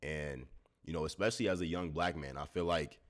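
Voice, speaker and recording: A young man vlogging to camera early in the morning, a bit tired, speaking in a thoughtful, unhurried way with many fillers. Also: a bass voice. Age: young adult. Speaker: YouTuber. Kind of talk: reflective talking-to-camera vlog.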